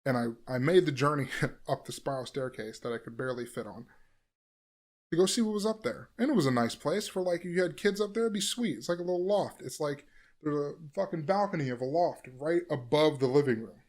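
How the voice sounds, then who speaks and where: A young man casually telling a personal scare story, profane and animated, with loud bursts and hushed asides. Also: on the high side, fairly quick.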